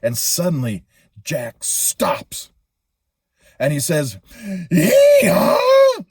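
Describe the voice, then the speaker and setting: Lively playful man telling children's stories, slightly husky, dry sound. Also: mid-range voice, measured pace, dry recording. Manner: animated, playful. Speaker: children's story teller. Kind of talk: children's Bible story telling.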